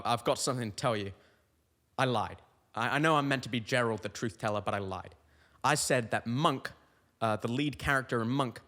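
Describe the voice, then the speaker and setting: A young man hosts a comic podcast, wandering from story to story in a loose, rambling way. His voice sits at a middle pitch. A long hall reverb hangs on every line. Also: a bit bright. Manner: rambling, tangent-prone storytelling. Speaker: comedian host.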